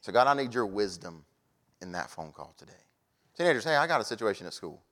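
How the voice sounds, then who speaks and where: A man preaching a sermon, telling folksy stories and swinging from soft asides to loud, animated points. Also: on the low side, fast.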